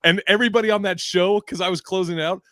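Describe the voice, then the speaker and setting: A man's voice: high voice, steady tone, quick pace, fairly bright tone, no echo, studio quality. Profane, rambling male comedian host. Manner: rambling, profane storytelling with many restarts. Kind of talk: casual chat.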